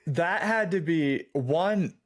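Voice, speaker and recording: A man's voice: on the high side, expressive, slow. Easygoing male podcast host. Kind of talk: casual interview chat.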